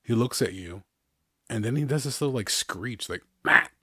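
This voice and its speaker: A man's voice: medium pitch, lively intonation, normal speed, husky, no room sound, studio quality. A man hosting a podcast in a casual, rambling chat, often chuckling between his remarks. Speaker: podcast host.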